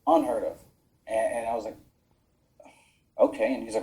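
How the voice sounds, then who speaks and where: A man's voice: lowish voice, moderate pace, darkish tone, poor audio. A man, an army veteran, telling his story in a casual, frank way on a podcast, swearing freely and acting out the dialogue he quotes. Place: podcast studio.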